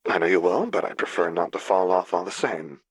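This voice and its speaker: A man's voice: sits low, expressive, fairly quick, slightly rough, no echo. A man voicing a wry, nervous young woman in a fantasy audiobook, with a dry, uneasy delivery.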